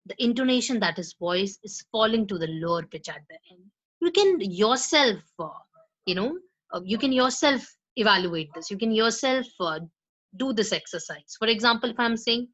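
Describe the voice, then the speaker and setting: A woman's voice: mid-range voice, animated, normal speed, fairly bright tone, rough recording. A woman teaching a lesson on pronunciation to students, explaining step by step and often checking in with "right?". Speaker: spoken English teacher. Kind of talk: lecture to students.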